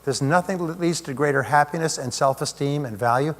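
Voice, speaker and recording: A man's voice: on the high side, fairly quick, a bit bright. Man giving a seminar talk in a reverberant hall. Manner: conversational, asks rhetorical questions. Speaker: motivational speaker.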